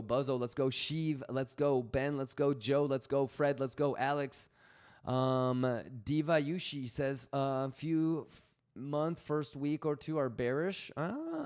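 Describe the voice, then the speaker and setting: A man's voice: mid-range voice, darkish tone. A man hosting a casual trading livestream, slangy and swearing freely as he reads out chat messages.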